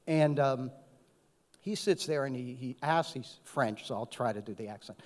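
A man's voice: mid-range voice, moderate pace. A man speaking as an HR executive on a conference panel, telling anecdotes in a conversational way, often checking in with "right?". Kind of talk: panel discussion. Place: conference hall. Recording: echoey conference hall.

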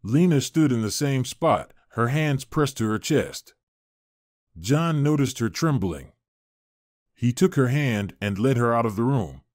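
A man narrating a scripted story in an expressive storytelling manner. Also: mid-range voice, unhurried, no room sound, studio quality.

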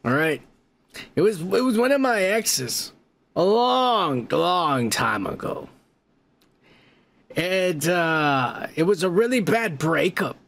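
A man with a fairly high voice hosts a comedy podcast and reads viewer comments aloud. He tells stories in a loose, casual way, swears freely and breaks into laughter often. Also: very animated, takes it slowly, vocal fry, pauses often, fairly bright tone. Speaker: podcast host reading comments. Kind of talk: casual profane storytelling.

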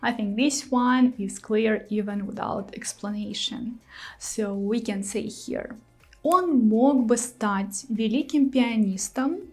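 Slow-speaking Russian-accented woman teacher. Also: medium pitch, a little mellow. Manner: patient, explanatory. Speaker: language teacher. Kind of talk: video lesson explaining idioms.

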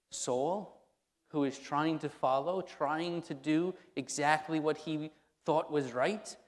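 A man preaching a sermon as pastor, speaking conversationally and repeating key phrases for emphasis. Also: fairly high pitch. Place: church sanctuary. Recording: long hall reverb in a church.

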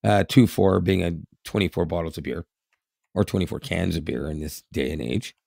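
A man's voice: low-pitched, normal speed, vocal fry, darkish tone, dry recording, clean studio sound. A Canadian man in his fifties with a Canadian accent, co-hosting a podcast in casual, rambling chat with frequent laughs. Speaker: podcast co-host.

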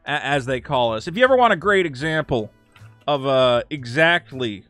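A man's voice: on the high side, fairly bright tone. A man from Massachusetts, hosting a sarcastic, ranting commentary vlog. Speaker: commentary host.

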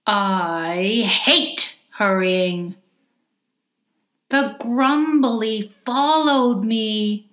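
A woman reading her own children's picture book aloud in a gentle, deliberate, expressive way. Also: mid-range voice, reverberant. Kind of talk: slow storybook narration for children.

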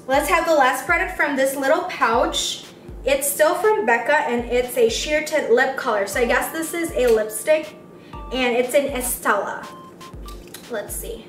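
A young woman with a high, squeaky voice gushes over each product in a chatty, excitable beauty vlog. Her voice rings in a roomy space and sounds a little distant from the mic. Faint music plays underneath. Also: unhurried. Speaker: beauty vlogger. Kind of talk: casual unboxing vlog.

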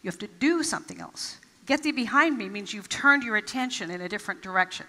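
A woman giving an inspirational stage talk, telling stories and acting out quotes with emphatic pauses. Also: mid-range voice, lively intonation, sharp tone, in a large hall. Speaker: motivational speaker. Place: large event hall.

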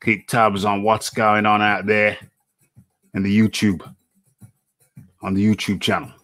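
Slow, dry-voiced man hosting a boxing show. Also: on the low side, little pitch movement, a bit bright. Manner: chatty, repeats phrases, narrates his setup. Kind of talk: live online interview show.

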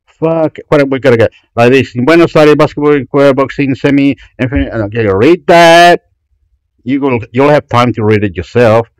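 A man rambling excitedly about websites in a vlog, loud, profane and repetitive. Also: medium pitch, moderate pace, no echo, poor audio. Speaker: YouTube vlogger. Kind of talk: excited rambling screen commentary.

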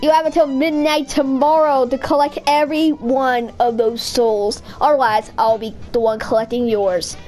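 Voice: sits high, flat delivery, moderate pace, few pauses, a little mellow, faint music behind, lightly acted. A young gamer doing a gloating devil boss. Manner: gloating, boastful. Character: sly booming male devil casino owner.

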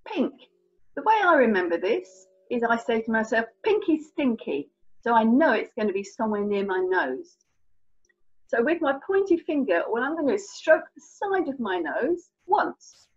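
A woman with a British accent and a fairly high, breathy-edged voice guides children through signing colours. Her pitch jumps around a lot as she chats playfully and encourages them. The recording sounds muffled and lo-fi. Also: sing-song, moderate pace. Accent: British English. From England. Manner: chatty, playful, encouraging, demonstrating hand signs. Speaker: sign language tutor.

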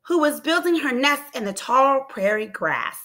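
A woman teacher reading a storybook aloud to children, expressive and asking them encouraging questions. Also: high-pitched, unhurried. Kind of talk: storybook read-aloud lesson.

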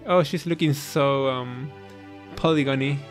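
A man's voice: mid-range voice, fairly even intonation, a little slow. A man hosting a let's play, reacting to a game ending with chuckles and then reflecting on it, tearing up. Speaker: gaming channel host. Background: faint game music.

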